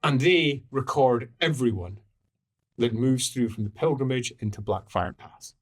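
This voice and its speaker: A man narrating a tabletop game as game master, in an animated, playful way. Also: medium pitch, a little slow.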